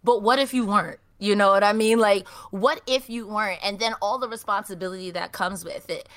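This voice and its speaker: A woman's voice: mid-range voice, a little fast, a bit bright. A woman guest on a livestream chat, joking animatedly and laughing a lot. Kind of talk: casual chat.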